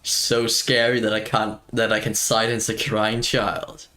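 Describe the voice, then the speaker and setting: A player voicing a timid, weepy moon rabbit girl from a game, in a low, plaintive tone. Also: completely flat delivery, unhurried, pushed and bright.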